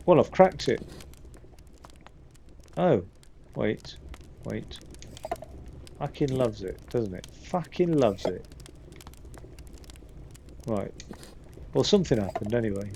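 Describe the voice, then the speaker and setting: A man's voice: medium pitch, vocal fry, a little mellow, slightly rough. A man streaming a game, chatting casually, swearing freely and reading game text aloud under his breath. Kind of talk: casual gameplay commentary.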